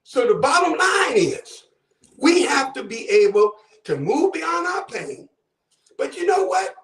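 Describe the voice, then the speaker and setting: With an extremely high pitch and very animated delivery, this Buffalo, New York man calls in to a talk show and gives fervent, preacher-like commentary, often raising his voice. He talks a little slowly in a fairly bright tone, far from the mic in a reverberant space.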